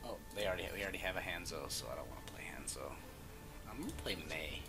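A man's voice: sits low, animated, quick pace. A man casually explaining a game as he plays, with a dry, self-deprecating humor. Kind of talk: casual commentary over gameplay. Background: game music and sounds.

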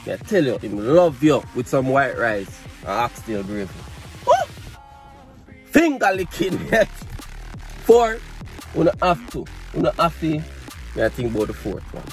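A man with a Jamaican accent doing a playful comedy vlog skit, repeating himself and asking listeners if they follow him. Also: fairly high pitch. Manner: playful, repetitive, keeps asking "you see me?". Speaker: vlogger.

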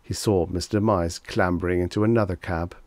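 A man narrating a vintage short story as an audiobook, in a steady, measured storytelling manner. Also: sits low, dry recording.

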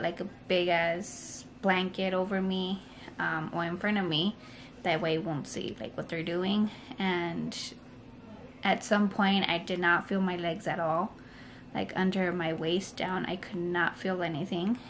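A woman's voice: on the low side, steady tone, measured pace, a little hiss or hum. A young woman telling a personal story to camera in a casual vlog, rambling and full of "like" and "you know". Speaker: vlogger.

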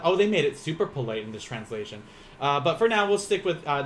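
Casual male streamer-teacher, 30s, slightly high voice, rambling and laughing, faint background hiss. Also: big pitch swings, fairly quick. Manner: chatty, rambling, laughs often, eats while teaching. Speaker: Japanese teacher. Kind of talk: casual live-streamed language lesson.

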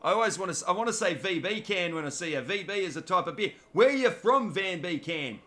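Australian male streamer, fairly high pitch, bright forceful tone, cheeky live game commentary. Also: fast. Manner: cheeky, joking, chats to viewers by name. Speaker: gaming commentator.

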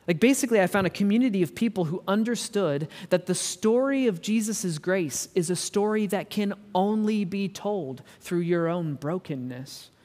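Male pastor in his thirties, slightly high voice, candid sermon, long hall echo. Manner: candid, conversational, acts out quoted voices. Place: church auditorium. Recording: long church hall reverb.

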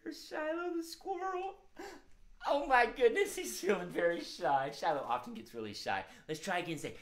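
A woman's voice: mid-range voice, expressive, moderate pace. A woman who hosts a live-streamed children's music show, speaking in an upbeat way and addressing the kids directly.

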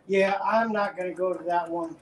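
A man's voice: sits high, steady tone, moderate pace, slight background noise. A middle-aged man co-hosting a furniture livestream, explaining his work in a rambling way with lots of "you know". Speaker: co-host working on furniture. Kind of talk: casual livestream chat. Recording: roomy workshop sound.

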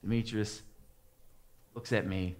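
A man in his forties, a pastor preaching, telling a lively personal story and acting out what people said. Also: fairly low pitch, slow. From American suburbs. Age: 40s. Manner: lively storyteller, acts out quotes and gets loud at the climax. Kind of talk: sermon with a storytelling anecdote.

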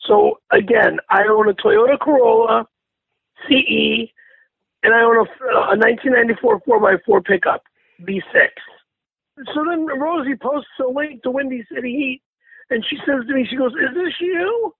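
A man in his fifties rants in an aggrieved, stumbling ramble, repeating himself again and again. His voice is high and gravelly with fry. It sounds dry and tinny, like a phone call. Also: normal speed, dry recording. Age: 50s. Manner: rambling, repetitive, indignant, stumbling. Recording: tinny phone-line audio.

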